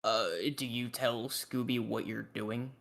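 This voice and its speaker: A man's voice: mid-range voice, level tone, measured pace, creaky, fairly bright tone. A man acting as game master, talking casually and rambling through rulings and narration.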